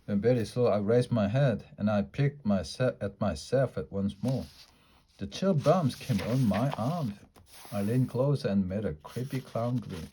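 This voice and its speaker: A man reading a children's storybook aloud in a lively, playful way. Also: fairly low pitch, a little slow, slight background noise. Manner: lively, playful character voices in a child's first-person story. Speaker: storybook reader.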